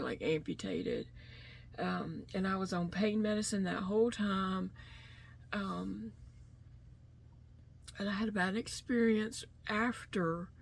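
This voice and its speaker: A woman's voice: mid-range voice, creaky. A middle-aged woman talking casually to her camera, rambling with lots of fillers and restarts. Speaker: vlogger.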